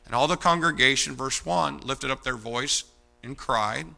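A man preaching a sermon as pastor, animated and mocking, swinging between loud outbursts and hushed asides. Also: medium pitch, a little slow, vocal fry.

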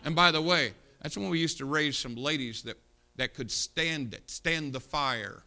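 In a church auditorium, a middle-aged preacher speaks at a moderate pace through a fiery sermon, blunt and reproachful, his delivery lurching from shouts down to low asides.

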